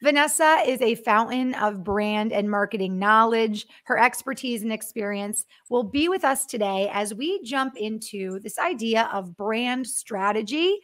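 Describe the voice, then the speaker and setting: A woman's voice: a little high, a bit bright. A woman hosting a marketing webcast, reading a sponsor message and introducing a guest in an upbeat, enthusiastic way that breaks into easy laughter. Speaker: show host.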